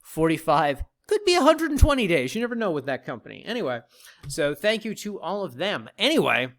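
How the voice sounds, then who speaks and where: A man's voice: a little high, very animated, fairly quick, a bit bright. A man hosting a casual land-sales video, talking straight to viewers with a wry, joking manner. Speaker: land company host.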